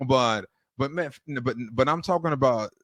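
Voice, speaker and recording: A man's voice: medium pitch, a little fast, a bit bright, dry recording, clean studio sound. A man co-hosting a podcast, talking through faith in a casual, rambling way full of restarts. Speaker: podcast co-host.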